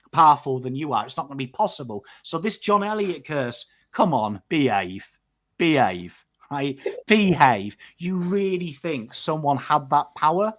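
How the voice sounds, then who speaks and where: An English man talks on a casual podcast with a fairly high voice. He is animated and swears freely, often tossing in "right?" as he goes. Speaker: podcast host. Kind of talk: casual chat.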